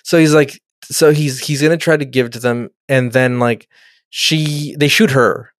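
A man's voice: medium pitch, normal speed, no echo, clean studio sound. A man casually recapping a TV episode with a friend, swearing often and rambling through repeated restarts. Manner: rambling, acts out characters in mock voices. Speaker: podcast co-host recapping a TV episode. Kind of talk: casual profane chat.

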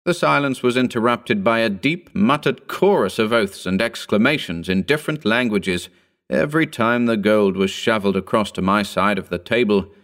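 A man narrating a Victorian short story in a measured, formal reading style. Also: lowish voice, a bit bright.

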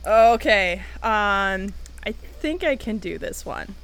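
A young American woman with a bright, forceful voice, chatting casually as a co-host. She jokes at her own expense and laughs readily while she answers trivia questions. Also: medium pitch, expressive, smooth. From United States. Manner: chatty and self-deprecating, quick to laugh. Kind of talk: casual chat.

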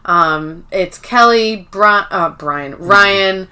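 A woman's voice: mid-range voice, extremely slow, a crowd in the background. A woman in her thirties co-hosting a podcast, recapping episodes in casual, swearing chat and acting out characters' lines. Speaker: podcast co-host.

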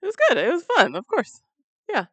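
A man's voice: extremely high pitch, wildly swooping pitch, brisk, a bit bright, husky, dry recording. A man co-hosting a film podcast, easygoing and agreeable in casual chat. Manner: easygoing, agreeable, short replies with laughs. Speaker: podcast co-host.

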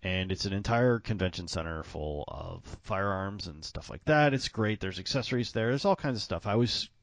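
A man's voice: low voice, expressive, normal speed, no echo. A man telling a long, rambling story in casual chat, laughing often and jumping around as he talks. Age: adult with grown-up parents.

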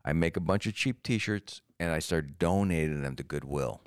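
A man's voice: rumbling low, normal speed, clean tone. A man co-hosting a comedy podcast, rambling through absurd schemes in casual chat. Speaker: podcast co-host.

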